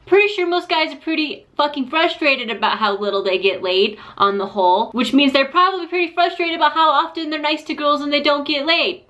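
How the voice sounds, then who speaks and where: A woman's voice: high-pitched, lively intonation, a little fast, few pauses, pushed and bright, lo-fi sound. Blunt, profane woman reacting on camera. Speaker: video host. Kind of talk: reaction commentary.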